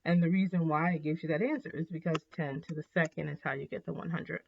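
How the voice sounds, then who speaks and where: A woman teaching a math lesson in a casual, chatty way, with frequent ums and quick apologies for her slips. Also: deep voice, vocal fry, slight background noise. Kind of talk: recorded classroom lesson. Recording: dull, slightly lo-fi.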